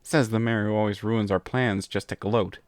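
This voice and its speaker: A man reading a pony story aloud and voicing a scornful old male centaur villain who jeers loudly at his rival. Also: on the low side, steady tone, moderate pace, dry recording, close to an everyday voice. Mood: mocking. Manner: mocking, loud and scornful.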